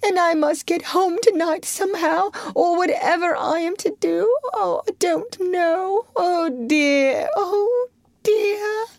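A woman's voice: very high voice, fairly even intonation, drawn-out words, hardly any pauses, no room sound, clean studio sound, pitched above the performer's own voice, exaggerated voice. A woman voicing a conceited male toad disguised as a washerwoman, sobbing and pleading in a storybook reading.

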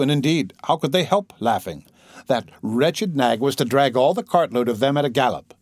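Man reading a novel aloud, lively ups and downs, dry close sound. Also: mid-range voice, no room sound. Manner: expressive storytelling. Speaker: narrator. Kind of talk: audiobook narration.

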